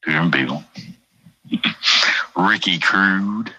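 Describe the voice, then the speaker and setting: A man's voice: low voice, slow, pushed and bright, dry recording, muffled recording. A middle-aged man hosting a livestream, rambling and swearing casually while reading out chat names. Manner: profane, rambling, reads chat aloud. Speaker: livestream host.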